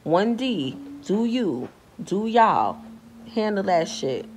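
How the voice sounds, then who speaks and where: A woman's voice: takes it slowly, a little hiss or hum, rough recording. A young woman casually telling a storytime tale in slangy speech, acting out the people she quotes. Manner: animated, acts out quoted voices in a high pitch; slangy, repeats filler phrases.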